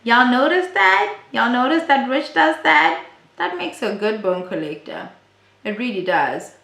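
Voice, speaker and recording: A woman's voice: fairly high pitch, very animated, measured pace, gravelly, fairly bright tone. A woman giving a chatty, blunt and profane casual recap of a reality show. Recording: roomy echo.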